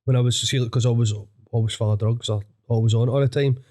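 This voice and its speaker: A man's voice: medium pitch, fairly even intonation, fast talker, dark tone. A young man with a Glaswegian accent, a guest comedian chatting casually on a podcast, sweary and rambling, laughing often. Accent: Scottish, Glaswegian.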